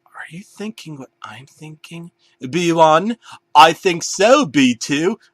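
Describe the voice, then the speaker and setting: A man voicing sinister male cartoon bananas in pajamas with a squeaky English accent. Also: lively intonation, takes it slowly, fairly bright tone, no echo, heavily acted. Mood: gleeful. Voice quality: squeaky, put-on.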